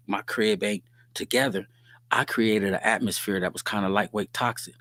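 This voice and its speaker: Low-voiced streetwise man, dry close sound. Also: a bit bright, dry recording. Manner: streetwise slang, storytelling, frequent "you dig what I'm saying". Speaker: host. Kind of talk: casual live-stream talk reading viewer comments.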